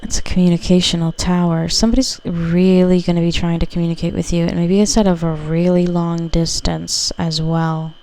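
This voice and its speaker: Woman, tarot reader, low flat voice, rambling, casual card reading. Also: fairly quick, hardly any pauses. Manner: rambling and intuitive, heavy with filler words.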